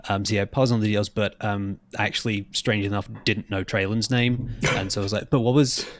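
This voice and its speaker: Man, tabletop player, low-ish voice, stammering and restarting. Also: fairly even intonation, brisk, a little hiss or hum. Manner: hesitant, repeats words. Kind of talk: in-character tabletop play.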